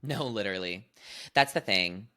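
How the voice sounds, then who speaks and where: A young woman co-hosting a podcast in casual chat, animated and quick to laugh, dropping "literally" and "like" often. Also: very deep voice. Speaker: podcast co-host.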